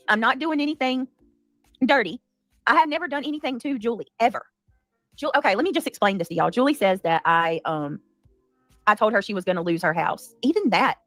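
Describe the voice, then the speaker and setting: A woman hosting a heated livestream, talking fast and defensively with many restarts. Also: on the high side, fairly bright tone, no room sound. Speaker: livestream commentary host. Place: home.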